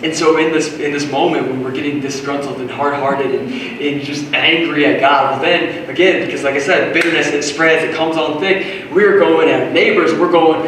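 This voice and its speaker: A man preaching a sermon to a congregation, animated, swinging between shouted lines and hushed asides. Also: a little high, normal speed, hardly any pauses, slight background noise. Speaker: pastor. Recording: echoey hall, voice from far off.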